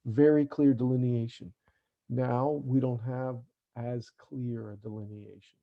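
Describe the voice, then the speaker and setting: A man's voice: medium pitch, steady tone, measured pace, gravelly. A middle-aged man speaking earnestly to parents in an online talk, often checking in with "right?". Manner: earnest, tags sentences with "right?". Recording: dull lo-fi online call audio.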